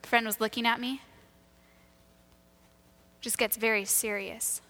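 A woman telling a church testimony in a lively storytelling way, acting out the voices of the people in her stories. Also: on the high side, unhurried, long reverb tail. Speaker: church member sharing a testimony.

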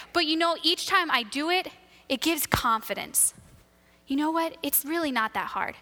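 A woman telling a church testimony in a lively storytelling way, acting out the voices of the people in her stories. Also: sits high, moderate pace, big-room sound. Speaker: church member sharing a testimony.

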